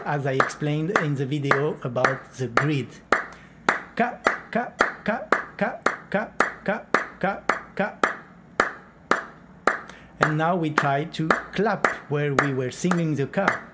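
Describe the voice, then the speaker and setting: A man's voice: fairly high pitch, a little slow, very noisy. A man teaching flamenco rhythm and clapping, explaining step by step and counting beats aloud.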